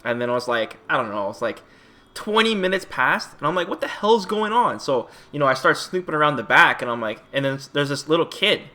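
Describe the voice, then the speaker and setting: A man's voice: medium pitch, a little fast. A man telling a long exasperated story in a casual vlog, swearing often and acting out both sides of the conversation. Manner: animated, profane, exasperated storytelling. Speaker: streamer and YouTuber.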